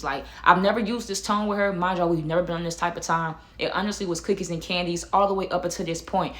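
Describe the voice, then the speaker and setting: A woman's voice: on the low side, fairly even intonation, quick pace, few pauses, fairly bright tone. A young woman telling a dramatic personal story to her viewers in a chatty, casual way. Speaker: YouTube storyteller. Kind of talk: casual story time to camera.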